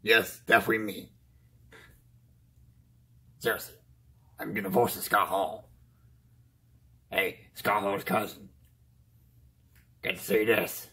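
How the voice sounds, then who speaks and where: A man's voice: lowish voice, steady tone, takes it slowly, long pauses, bright, forceful tone, full character voice. A man voicing a boastful, whiny male clown villain in a toy-figure fan play, pleading and taunting by turns and yelping in pain.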